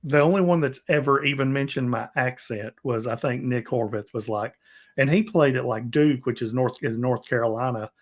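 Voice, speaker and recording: A man's voice: mid-range voice, moderate pace. Laid-back Southern man hosting. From Tennessee, USA. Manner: rambling, laughs often, drawling. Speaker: livestream host. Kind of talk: casual interview chat.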